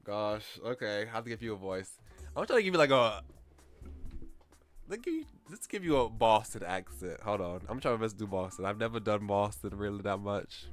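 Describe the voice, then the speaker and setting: A male streamer talks his way through a story game in a chatty, excitable manner. His voice sits a little low, and soft game music runs in the background. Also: moderate pace. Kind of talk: casual game commentary.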